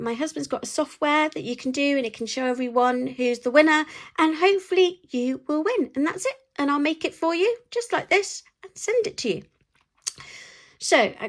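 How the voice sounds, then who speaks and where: A middle-aged British woman chatting to camera for her budgeting vlog, rambling and getting excited as she goes. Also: high voice. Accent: British English. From United Kingdom. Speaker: budgeting vlogger. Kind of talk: casual chat to camera.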